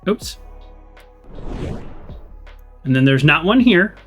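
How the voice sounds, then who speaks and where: A man's voice: a little high, big pitch swings, slow, faint music behind. A man giving casual, chatty commentary while playing a game, laughing often. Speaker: gaming channel host. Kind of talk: casual let's-play commentary.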